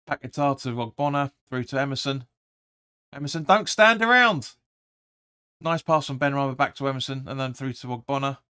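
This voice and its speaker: Man, live football watch-along, rambling commentary, smooth resonant voice, dry close sound. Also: mid-range voice, a bit bright, no echo. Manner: rambling, restarts often, erupts when urging players. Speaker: fan channel host.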